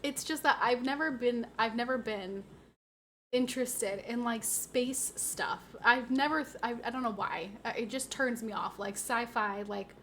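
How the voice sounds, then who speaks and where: A woman's voice: fairly high pitch, a little slow, a bit bright, a little hiss or hum. A young woman streaming a casual chat, sleep-deprived, rambling and giggling often.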